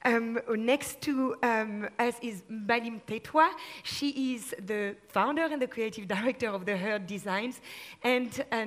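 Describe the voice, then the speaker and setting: A woman with a French accent moderating a panel discussion, talking with enthusiasm and plenty of fillers and restarts. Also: fairly high pitch. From France. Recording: long hall reverb.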